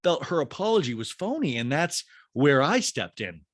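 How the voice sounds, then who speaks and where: A man doing a comic impression of a snarky, exasperated socialite woman with a raised, drawn-out voice. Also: fairly high pitch, sing-song, dry recording, studio quality.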